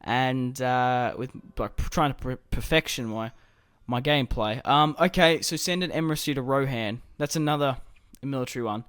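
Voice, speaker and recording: A man's voice: medium pitch, moderate pace, hardly any pauses, a bit bright, clean tone, no echo, clean studio sound. A man casually commenting on his strategy game as he plays, thinking aloud about his moves. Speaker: gaming YouTuber.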